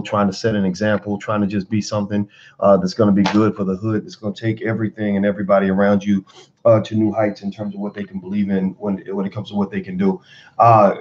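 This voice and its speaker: Rambling low-voiced man in his forties. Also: darkish tone, lo-fi sound. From Kentucky. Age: 40s. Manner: rambling, motivational, many fillers. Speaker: motivational vlogger. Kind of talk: casual livestream talk. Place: home, indoors at a computer.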